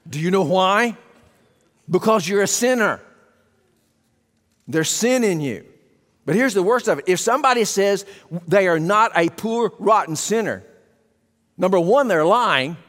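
High-voiced preacher in a reverberant hall. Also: male voice, a bit bright. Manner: emphatic, rhetorical questions to the congregation. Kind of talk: sermon. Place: church sanctuary.

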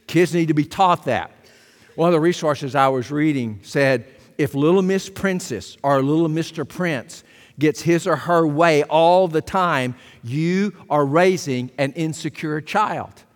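A man preaching a sermon as pastor, emphatic and rising to loud exclamations. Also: on the high side. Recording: long reverb of a large hall.

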